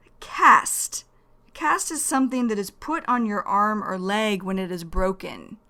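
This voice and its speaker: A woman teaching English vocabulary in a slow, careful lesson, repeating each key phrase. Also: medium pitch, sharp tone.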